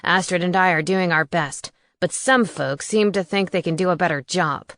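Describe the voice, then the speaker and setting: A woman's voice: lowish voice, moderate pace, a bit bright, no room sound. A woman narrator voicing a brusque, smug male sheriff with a curt manner. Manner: curt, condescending.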